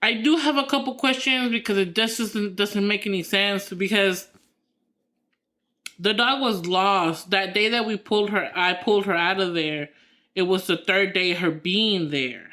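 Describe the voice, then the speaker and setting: A woman's voice: mid-range voice, unhurried, sharp tone. A woman co-hosting a podcast in casual chat, rambling through her story with lots of fillers and restarts. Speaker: podcast co-host.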